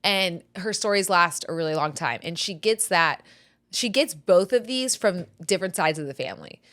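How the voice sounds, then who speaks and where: A woman in her thirties hosting a podcast, telling animated family stories with frequent laughter. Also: fairly low pitch, moderate pace. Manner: animated storyteller, laughs often. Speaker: podcast host. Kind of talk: casual chat.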